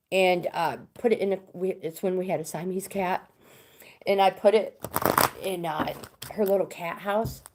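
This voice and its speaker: A woman's voice: on the low side, heavy background noise. A middle-aged woman hosting a casual live stream, chatting with viewers and reading cards for them. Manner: chatty, reads viewer comments aloud.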